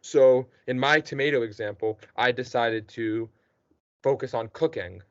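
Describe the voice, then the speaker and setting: A man's voice: medium pitch, a little slow, dry recording. A man teaching a student one-on-one, patient and encouraging, checking in with the student often. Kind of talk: one-on-one tutoring session. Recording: dull dry lo-fi recording.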